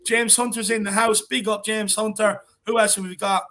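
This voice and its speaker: A man with a high, bright voice and an Irish accent hosts a casual live stream, reading viewer comments and hyping each one up. He shouts out every viewer in a chummy, upbeat way. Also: level tone, moderate pace. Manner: hypes viewers with "big yourself up, my man". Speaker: host reading live chat.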